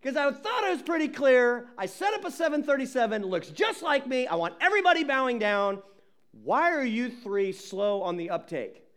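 A man's voice: very high voice, big pitch swings, moderate pace, a bit bright, full character voice. A man acting out a boastful, enraged ancient king in a sermon, blustering and mocking. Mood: indignant. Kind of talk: sermon retelling with acted quotes.

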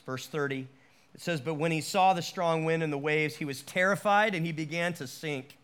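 A man preaching a sermon with a notably high voice. He delivers it animatedly, restarting phrases and acting out the quotes he tells. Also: lively intonation, moderate pace, fairly bright tone, clear, resonant tone. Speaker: pastor.

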